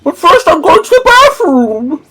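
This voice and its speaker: A streamer voicing a shrill old cartoon grandmother who announces everything. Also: sing-song, unhurried, over music, heavily acted. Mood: announcing.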